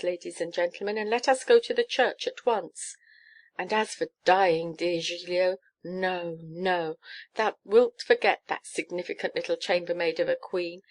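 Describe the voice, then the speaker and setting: A woman's voice: on the low side, lightly acted. A woman reading a storybook, voicing a pushy, clinging old countess who shrieks and gushes. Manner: shrieking, gushing and pleading.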